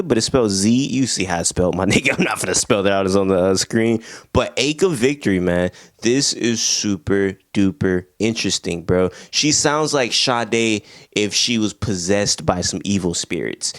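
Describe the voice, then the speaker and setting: A young man hosting a casual music review, talking excitedly in slang, laughing often and breaking into bits of song. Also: lowish voice, dry recording, clean studio sound. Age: young adult. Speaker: music reviewer, channel host.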